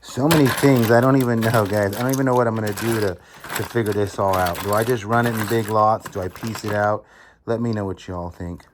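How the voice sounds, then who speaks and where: A middle-aged man hosting a casual unboxing vlog, chatty and eager with viewers, sometimes dropping into an amazed hushed whisper. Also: on the low side, fairly even intonation, brisk, background noise. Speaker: storage auction reseller and channel host.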